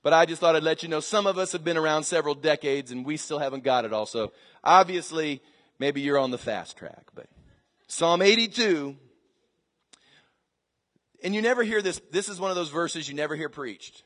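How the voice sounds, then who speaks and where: High-voiced preacher man in echoing hall. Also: normal speed. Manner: dramatic swings from quiet asides to shouted scripture. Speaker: pastor. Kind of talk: sermon. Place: large church hall with live congregation. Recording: church sermon recording with long reverb.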